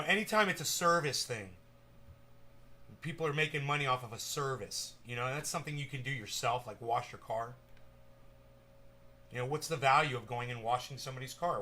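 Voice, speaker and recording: A man hosting a casual livestream, talking in a profane, emphatic and animated way. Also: medium pitch. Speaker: livestream host.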